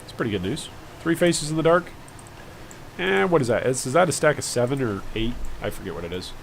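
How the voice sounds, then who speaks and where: A man's voice: medium pitch, expressive, a little fast, vocal fry, slight background noise. A man streaming a game live, chatting casually and rambling with jokey asides to his viewers. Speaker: gaming streamer.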